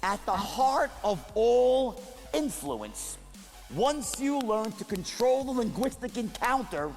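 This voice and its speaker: A high-pitched man with a very lively, swooping delivery, preaching sales skills at a live seminar. He hammers points home with repetition and call-and-response. His voice rings out in a large reverberant hall over faint music. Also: slow pace. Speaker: sales trainer. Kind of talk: motivational seminar speech.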